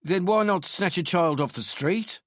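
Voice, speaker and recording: Man doing a female detective constable, Birmingham accent, pleading, higher pitched, dry read. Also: moderate pace, dry recording, natural voice. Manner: pleading, questioning.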